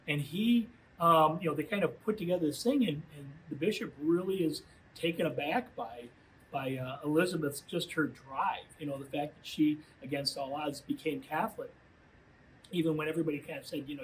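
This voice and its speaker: A man giving a youth minister's storytelling talk to high school students, conversational and full of filler phrases. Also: brisk, slight background noise, rough recording.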